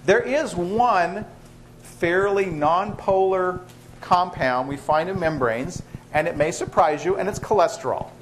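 A biochemistry professor gives a university lecture to students in a lecture hall, teaching in a chatty, joking way. His voice is high and a little slow, with a faint hiss or hum on the recording.

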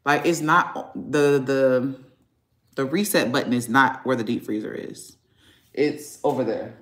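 In a casual vlog shot in his echoey garage, a family vlogger vents angrily, rambling and cursing. He has a fairly bright mid-range voice and speaks a little slowly.

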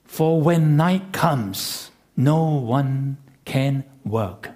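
A man's voice: medium pitch, lively intonation, darkish tone. A man doing a trembling blind old man. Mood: fervent. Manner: trembling, slow and fervent.

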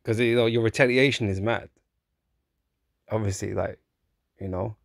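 Gravelly low-voiced man preaching casually. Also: steady tone, moderate pace, dry recording, clean studio sound. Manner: conversational, keeps asking "right?" and saying "man"; chuckles through his points, mocks in put-on voices. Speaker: religious commentator. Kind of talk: informal preaching monologue.

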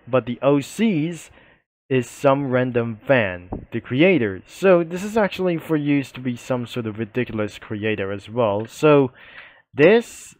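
A man giving halting voice-over commentary on a game, slowly reading out long lists of character names. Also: mid-range voice, darkish tone. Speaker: game video narrator.

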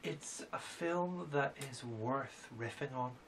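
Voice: mid-range voice, takes it slowly, slight background noise. Dry guest with short remarks. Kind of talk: casual film review chat.

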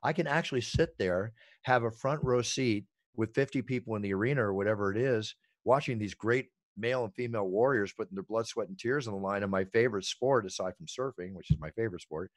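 A middle-aged man telling stories in an animated, emphatic way as an interview guest. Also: fairly low pitch, quick pace, few pauses, dry recording. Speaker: ring announcer and guest. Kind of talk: energetic interview talk.

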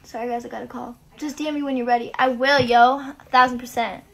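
A woman's voice: a little high, quick pace, creaky. A young woman hosting a casual livestream, chatting to viewers, reading out their comments and answering them. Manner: chatty and relaxed between songs, singing to ukulele. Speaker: livestream host and singer. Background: her own ukulele playing.

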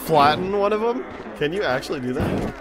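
A man co-hosting a live stream, reading out viewer comments in a relaxed, offhand way. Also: on the high side, normal speed, background noise. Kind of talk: casual live-stream chat.

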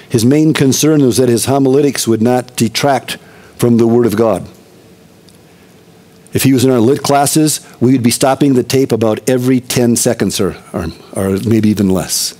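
A man's voice: mid-range voice, normal speed, mellow. A middle-aged male pastor preaching a conversational expository sermon, with emphatic repetition.

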